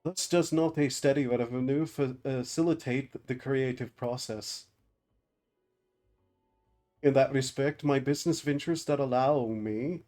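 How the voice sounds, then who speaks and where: A streamer voicing a composed, formal male merchant goldsmith who argues calmly. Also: medium pitch, close to an everyday voice. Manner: measured, formal, reasoning.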